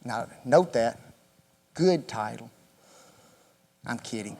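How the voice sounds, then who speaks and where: Man, Bible class teacher, high and very animated voice, playful quizzing style, long echo of a church hall. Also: a little slow. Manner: quizzes the class with questions, joking, often says "folks". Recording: echoey hall reverb.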